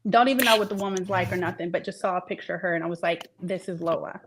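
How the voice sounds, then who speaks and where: A woman's voice: fairly low pitch, steady tone, fast, background noise. Earnest woman author, reflective and rambling. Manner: earnest, reflective, trails off with fillers. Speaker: author guest. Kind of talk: casual interview chat.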